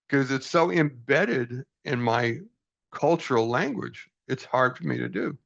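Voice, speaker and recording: Older man, gravelly voice, folksy book reflection, muffled lo-fi recording. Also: medium pitch, lively intonation, a little slow, a bit bright. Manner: earnest, self-deprecating, folksy. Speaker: book study host. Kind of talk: reading aloud and reflecting. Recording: dull lo-fi recording.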